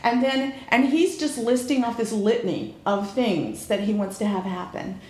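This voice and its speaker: A woman guest telling a frank story in a casual chat, animated and quick to laugh. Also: medium pitch. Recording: echoey room, faint noise.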